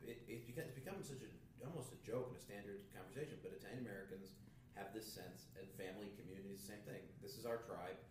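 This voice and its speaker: Very fast-talking man host. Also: on the low side. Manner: eager, agreeing, rapid-fire. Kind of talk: casual chat. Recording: distant mic, echoey room, background noise.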